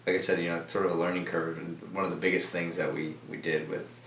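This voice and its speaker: Deep-voiced young man rambling in an echoey office. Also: flat delivery, fast, a bit bright, a little hiss or hum. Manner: rambling, many fillers and restarts. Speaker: team member guest. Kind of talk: casual interview. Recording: echoey room from a distance.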